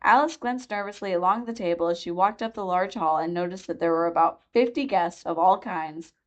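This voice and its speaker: A woman's voice: lowish voice, a little fast. Woman reading a storybook aloud. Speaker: library reader. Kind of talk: storybook narration.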